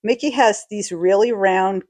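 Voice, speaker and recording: A woman's voice: medium pitch, unhurried, darkish tone. A woman co-hosting a podcast, chatting casually about a TV episode and telling a personal story. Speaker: podcast co-host. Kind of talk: casual chat recapping a TV episode.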